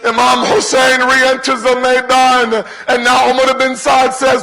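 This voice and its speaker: A man's voice: very high voice, completely flat delivery, a little slow, gravelly, few pauses, background noise. A man preaching a mourning sermon with impassioned narration that rises to cries. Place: gathering hall.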